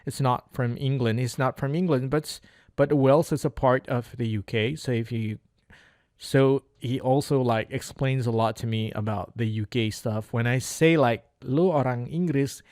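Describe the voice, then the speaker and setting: A man's voice: mid-range voice, steady tone, moderate pace, a little mellow, dry recording, clean studio sound. A man whose first language is Indonesian, practicing spoken English in a casual monologue, hesitant, with frequent restarts and fillers. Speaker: English learner.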